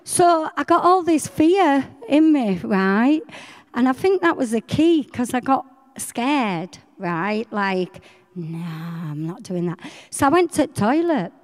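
A middle-aged woman, telling her faith story in a chatty, animated way. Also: sits high, a little slow, long reverb tail. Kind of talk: personal faith testimony.

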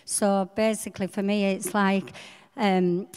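A middle-aged woman, telling her faith story in a chatty, animated way. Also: medium pitch, a little slow, smooth, big-room sound. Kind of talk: personal faith testimony.

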